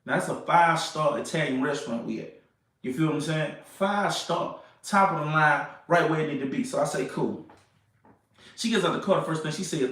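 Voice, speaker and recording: A young man telling a date story in a casual, animated way, repeating phrases and asking "you know what I'm saying". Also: on the high side, fast, distant mic. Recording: echoey room, off-mic.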